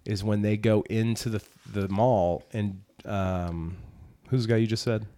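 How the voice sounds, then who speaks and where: A man with a lowish voice and a stuffed-up nose hosts a casual podcast. He rambles in a loose, offhand way and swears freely. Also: steady tone, measured pace, mellow. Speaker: podcast host.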